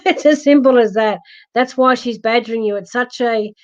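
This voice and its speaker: A woman's voice: on the high side, normal speed. A middle-aged woman from Australia hosting a live psychic reading stream, chatty and giggly, full of ums and restarts. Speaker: psychic medium host. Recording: dull lo-fi live stream audio.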